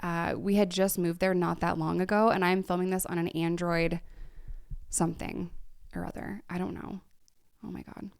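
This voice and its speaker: Chatty gravelly woman reacting to old clips. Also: fairly low pitch, level tone, normal speed, dry recording, studio quality. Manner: chatty, laughs often, drops to whispers. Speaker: YouTuber in recovery. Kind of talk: casual reaction vlog.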